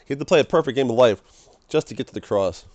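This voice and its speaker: A man's voice: mid-range voice, animated, fast, a little mellow. Stammering young man rambling. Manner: stammering, repeats words, emotional. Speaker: vlogger. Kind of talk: rambling personal monologue. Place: small room, indoors.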